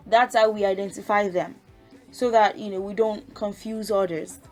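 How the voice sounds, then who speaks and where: A woman's voice: mid-range voice, steady tone, moderate pace, darkish tone, soft background music. A woman teaching a language lesson, patiently explaining step by step and sounding out syllables. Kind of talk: casual spoken lesson.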